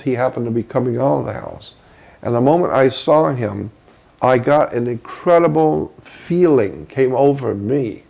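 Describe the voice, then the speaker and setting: A man with a gravelly, mellow voice tells a story from his own life as an interview guest. He talks in a halting way, repeating words while he reaches for the right ones, and his pitch sits in an ordinary middle range. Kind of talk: recounting a personal story.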